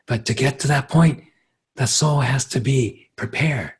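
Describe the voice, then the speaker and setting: Man, spiritual teacher, reflective workshop talk, husky breathy voice, many pauses. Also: medium pitch. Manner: gentle, unhurried, pausing often, lively when quoting others.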